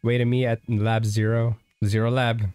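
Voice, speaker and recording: A man voicing a composed mother scientist, reading game dialogue in a flat, measured way. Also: mid-range voice, a little hiss or hum, lightly acted. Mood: calm.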